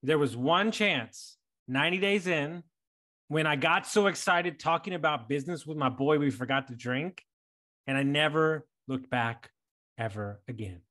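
A man's voice: on the high side, normal speed, fairly bright tone. A man hosting a podcast, talking bluntly and casually, repeating words when worked up and swearing freely. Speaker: podcast host.

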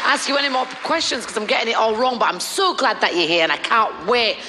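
A woman's voice: on the high side, fast. A woman judging a talent show, questioning a contestant in a friendly, easily laughing way. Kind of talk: TV studio interview. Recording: noisy studio with cheering crowd.

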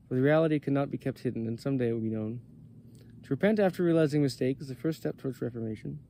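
A man giving a steady, earnest devotional reading at a spiritual gathering. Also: mid-range voice, gravelly, slight background noise. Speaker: reader of scripture at a satsang.

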